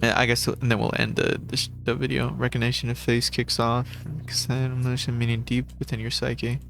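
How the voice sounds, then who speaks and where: A man streaming a game, reading its text aloud with stumbles and restarts and gushing excitedly about it. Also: medium pitch, a little fast, gravelly, music in the background. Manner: excitable, gushes over the game. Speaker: gaming streamer.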